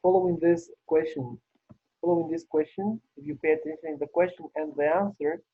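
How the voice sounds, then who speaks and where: Guy teaching english on a video call, husky voice, sounds like a phone line. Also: a little high, steady tone, a little fast. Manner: patient, repeats praise often. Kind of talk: online class teaching. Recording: tinny phone-like call audio.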